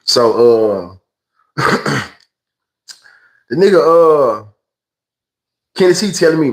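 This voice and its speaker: A man's voice: on the high side, expressive, extremely slow, pauses often, poor audio. A man with a Memphis Southern accent telling a rambling, slangy story on a livestream, acting out other people's voices. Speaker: livestream host. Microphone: phone livestream.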